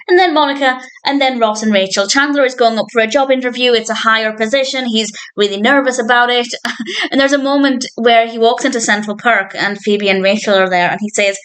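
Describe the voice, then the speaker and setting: Chatty female TV reviewer, enthusiastic, fairly high voice. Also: fairly even intonation, a little fast, a bit bright. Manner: enthusiastic, chatty, laughs often. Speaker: film and TV reviewer. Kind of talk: casual spoken episode review.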